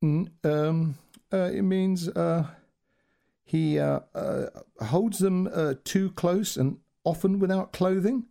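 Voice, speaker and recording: A man's voice: medium pitch, animated, normal speed, mellow. A man voicing a flustered young male language teacher who stammers and hesitates. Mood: struggling.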